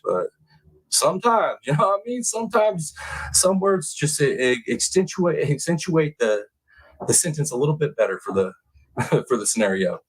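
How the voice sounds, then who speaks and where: A man's voice: on the low side, rough recording. A man hosting a true crime live stream, ranting bluntly with swearing and "y'all", then reading out viewer names. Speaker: true crime livestream host. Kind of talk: casual live-stream rant and chat reading.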